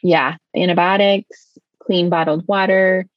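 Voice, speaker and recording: A woman's voice: on the low side, steady tone, a little slow, no echo, lo-fi sound. A woman from the United States, a guest on an interview show, retelling a frightening personal story in vivid, breathless detail, full of "like" fillers.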